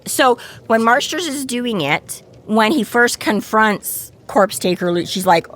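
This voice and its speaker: A woman's voice: fairly high pitch, animated, unhurried, fairly bright tone. A woman from Canada co-hosting a podcast, talking through a book in a rambling way, full of restarts and fillers. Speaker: podcast co-host. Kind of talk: casual book discussion.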